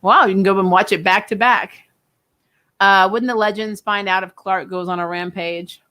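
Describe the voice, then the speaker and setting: A woman's voice: mid-range voice, steady tone, normal speed, pushed and bright. A young adult woman hosting a casual live-stream chat about TV shows, talking loosely, laughing often and trailing off mid-sentence. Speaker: host of a TV review channel.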